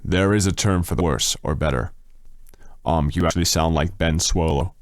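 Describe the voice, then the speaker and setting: A man streaming casually through a deep voice changer, reading chat comments aloud with crude jokes. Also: moderate pace, no room sound.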